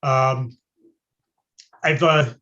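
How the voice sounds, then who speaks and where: A man running for city office, answering questions over a video call in a measured, hesitant way with frequent uhs. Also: mid-range voice, steady tone, bright, forceful tone, lo-fi sound. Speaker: city council candidate.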